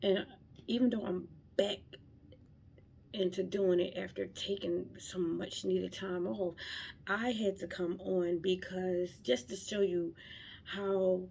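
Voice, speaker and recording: A woman's voice: lowish voice, fairly even intonation, slow pace, creaky, darkish tone, breathy edge. A young woman giving an emotional devotional talk, fervent and close to tears, repeating her phrases. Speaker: vlogger sharing faith.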